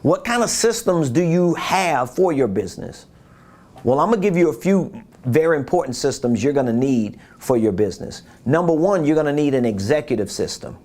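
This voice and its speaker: A man's voice: on the high side, big pitch swings, normal speed, darkish tone. A man giving a business coaching talk, emphatic and repeating his key points, who acts out quotes in different voices.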